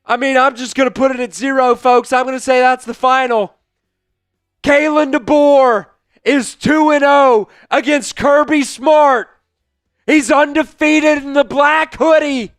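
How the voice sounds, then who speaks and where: A hoarse man, hosting a fan livestream of a football game, calling plays, shouting and chanting in excitement. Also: very high-pitched, measured pace, dry recording, studio quality, soft background music. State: hoarse, voice worn out. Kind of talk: live fan play-by-play watch-along.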